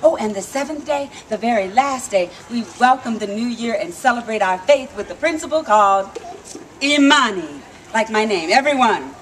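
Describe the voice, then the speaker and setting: A woman telling a story live to an audience, lively and coaxing the crowd to call back. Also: fairly high pitch, normal speed. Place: outdoor theme park stage. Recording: noisy live outdoor recording.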